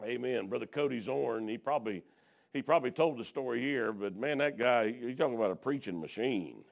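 A man's voice: medium pitch, expressive, brisk, creaky. A middle-aged man, preaching a sermon in a folksy, colloquial, fervent storytelling style.

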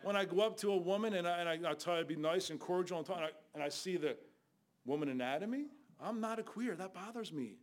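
An older man preaching a fiery Bible sermon as a guest preacher, scolding loudly and then dropping to low asides. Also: fast. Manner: loud, scolding, shifts between shouting and low asides.

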